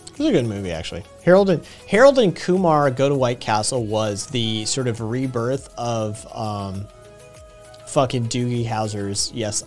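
Rambling Tennessee streamer guy. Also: mid-range voice. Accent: northeast Tennessee. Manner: loose, profane, rambling. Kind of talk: casual stream chat reacting to video.

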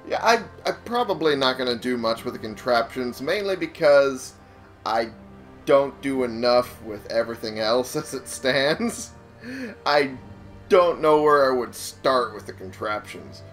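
With a medium pitch and lively intonation, this young let's-play gamer keeps a measured pace. He rambles casually over game music, often laughing and swearing as he plays.

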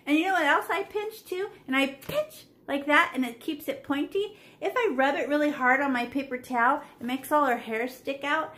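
A woman's voice: high voice, a bit bright, reverberant. A woman teaching a live online painting class for children, playful and chatty as she talks them through each step over a laptop mic. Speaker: art teacher. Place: home room on a video call. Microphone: laptop mic on a video call.

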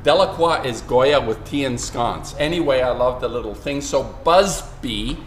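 A man's voice: mid-range voice, moderate pace. A man delivering an angry, profane, rambling rant as a video blogger and artist. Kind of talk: angry ranting commentary. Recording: roomy room echo, faint hiss.

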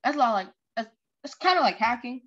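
Young woman host, rambling game commentary, higher voice, lo-fi muffled sound. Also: animated, a little fast, fairly bright tone. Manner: rambling, chatty, with many fillers. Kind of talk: casual commentary over a story game. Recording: lo-fi muffled recording.

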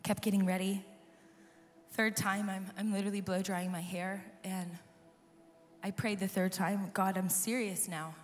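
A woman worship leader, hoarse and losing her voice, telling an earnest personal testimony to a live audience. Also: medium pitch, little pitch movement, measured pace. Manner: earnest, storytelling, talks to the crowd. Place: large conference hall. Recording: live hall reverb with soft music.

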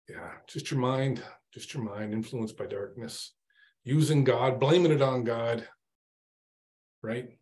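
A man's voice: mid-range voice, slow pace, pauses often, darkish tone. A middle-aged man preaching an informal sermon, conversational, asking his listeners questions and acting out his own exasperated prayers.

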